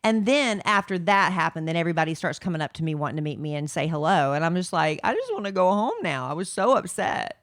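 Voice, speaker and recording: A middle-aged woman, co-hosting a podcast and telling a story in a lively, animated way. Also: low-pitched, fast, few pauses, no room sound, clean studio sound. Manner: animated storyteller, acts out quoted voices. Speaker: podcast co-host. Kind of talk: casual chat, telling a story.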